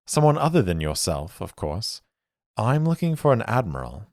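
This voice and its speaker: A man playing a sly, smooth-talking male mercenary with courteous, measured speech. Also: on the low side, very animated, darkish tone, no echo, clean studio sound, pitched above the performer's own voice.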